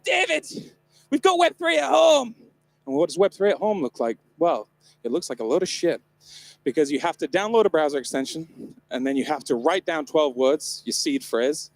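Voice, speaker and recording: A man's voice: on the high side, darkish tone, no room sound. A man from the north of England giving a comedic keynote talk on stage at a live event, irreverent, joking and swearing freely. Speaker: conference presenter.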